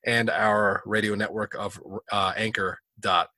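A man co-hosting a casual podcast, chatty and relaxed, with plenty of fillers and restarts. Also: fairly low pitch, unhurried, no room sound, studio quality. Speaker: podcast co-host.

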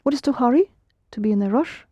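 A woman's voice: a little high, lively intonation, quick pace, mellow, slightly rough, no room sound, muffled recording. A woman teaching a Russian lesson in English, patiently correcting her students' pronunciation. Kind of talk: language lesson.

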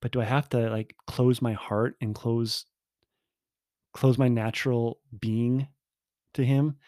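A man's voice: mid-range voice, level tone, takes it slowly, warm tone, no echo, studio quality. Rambling, candid man telling a story. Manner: rambling, self-interrupting, stammers on restarts; candid and self-mocking. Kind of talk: casual storytelling monologue.

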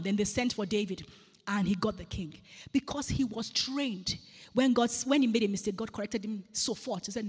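A woman's voice: medium pitch, normal speed, husky, long reverb tail. A woman preaching a sermon in a church, earnestly repeating phrases for emphasis.

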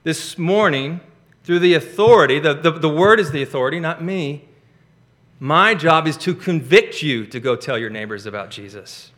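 This pastor's sermon comes across bright and forceful, his voice slightly higher than typical for a man. Each point lands with emphatic, upward stresses, delivered expressively at a moderate pace.

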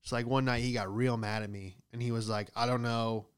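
A young man telling rambling, profane comic stories in a solo monologue, with animated asides. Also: mid-range voice, brisk, smooth. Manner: profane, animated storytelling with loud acted outbursts.

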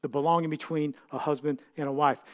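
A middle-aged man with a high-pitched voice preaches a heartfelt sermon. He pauses, repeats words and restarts his thoughts as he speaks. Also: steady tone. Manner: heartfelt, halting with many restarts and fillers. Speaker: pastor.

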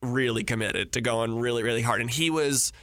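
A man's voice: medium pitch, brisk, a bit bright, no room sound, studio quality. A man in his thirties casually telling a rambling, profane story and laughing through it. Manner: rambling, swears freely, laughs through stories.

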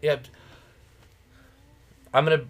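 A man hosting a podcast, chatting casually in a rambling, jokey way with a friend. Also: slow pace. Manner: rambling, jokey, laughs often. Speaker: podcast host. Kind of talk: casual chat.

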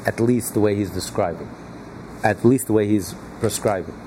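A man's voice: on the low side, normal speed, warm tone, slight background noise, poor audio. A man teaching a text to a small study group, emphatic, repeating his key points and chuckling now and then. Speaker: Torah class teacher.

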